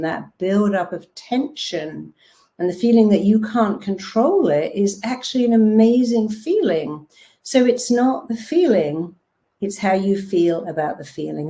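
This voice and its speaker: A woman's voice: mid-range voice, dark tone. A woman self-help speaker giving a motivational talk, telling stories and acting out the voices of people she quotes, with emphatic repeated words.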